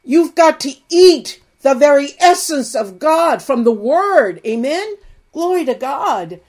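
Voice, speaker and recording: A woman's voice: high voice, big pitch swings, slow pace, a little mellow. A woman preaching a sermon, reading scripture aloud and speaking fervently and emphatically.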